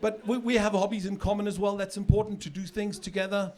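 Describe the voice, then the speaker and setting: A middle-aged man from South Africa doing a stand-up comedy set on stage, chatty and loose, with sudden shouted punchlines. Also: high-pitched, level tone, fast talker. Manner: conversational, with filler repeats and sudden shouted punchlines. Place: comedy stage with a live audience. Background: audience laughter.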